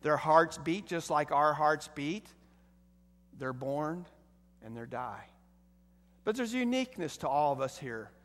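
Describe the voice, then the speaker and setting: A middle-aged man preaching a sermon as pastor, emphatic and building to loud bursts. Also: a little high, lively intonation, measured pace, long pauses, in a large hall.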